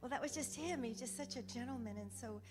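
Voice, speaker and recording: A woman jazz singer speaking a gentle, hesitant tribute at a memorial. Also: fairly high pitch, quick pace.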